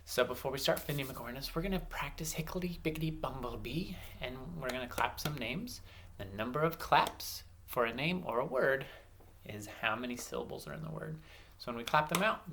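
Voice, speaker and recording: A man's voice: medium pitch, sing-song, normal speed, creaky, noisy background. A male teacher leading an early-grade reading lesson for children, spelling words out letter by letter and chanting rhymes as he claps out syllables.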